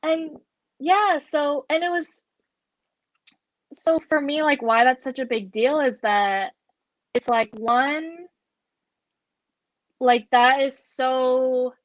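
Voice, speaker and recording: A young adult woman co-hosting a podcast tells a story in casual chat packed with filler words. Her voice sits high, she takes it slowly with frequent pauses, and the recording is dull, lo-fi and dry with no room sound.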